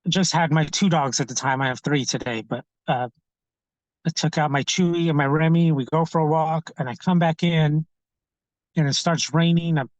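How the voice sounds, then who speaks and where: A middle-aged man, a podcast guest, tells his personal story candidly in a halting way, with frequent restarts and fillers. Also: a little high, dry recording, poor audio.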